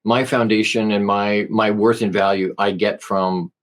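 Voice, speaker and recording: Earnest, halting man with a lowish voice. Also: little pitch movement. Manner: halting, with many restarts and fillers; earnest, spiritual storytelling. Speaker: podcast guest. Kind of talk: casual conversation.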